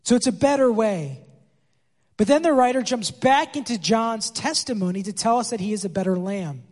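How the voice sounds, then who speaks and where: A man's voice: sits high, expressive, normal speed, a little mellow. A pastor preaching a conversational sermon, acting out quoted dialogue as he explains the text. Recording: long hall reverb.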